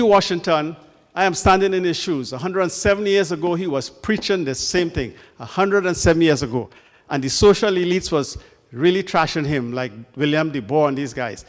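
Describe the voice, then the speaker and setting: A man gives a talk to a community meeting in an emphatic, sermon-like way. He throws out rhetorical questions and punches key words. His somewhat higher voice carries a long reverb from a large hall. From Canada. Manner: emphatic, rhetorical questions, lively preacher-like delivery. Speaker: guest speaker.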